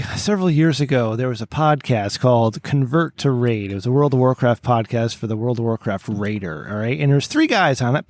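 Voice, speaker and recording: A man rambling through a story on a podcast, restarting his sentences and throwing in crude jokes. His voice sits at an ordinary pitch. The sound is dry and close, with no room around it. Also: a little mellow, dry recording. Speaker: podcast co-host. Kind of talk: casual chat.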